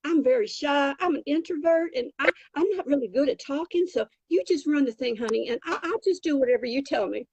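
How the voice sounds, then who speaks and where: A woman voicing a shy, sweet, self-effacing woman from Texas, with a soft drawl. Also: sits high, expressive, a little fast, hardly any pauses, no room sound, muffled recording, pitched above the performer's own voice. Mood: shy, demure.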